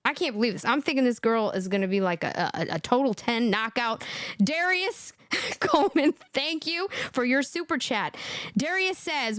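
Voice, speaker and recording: A woman's voice: on the high side, animated, moderate pace, fairly bright tone, no room sound, clean studio sound. A woman hosting a live stream and giving reaction commentary, laughing often, repeating herself, incredulous.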